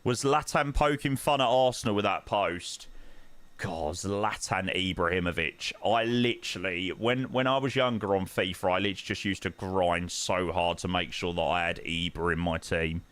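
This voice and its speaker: A man's voice: low-pitched, moderate pace, fairly bright tone. A young man chatting casually on a flight-sim live stream, bantering with chat in slang.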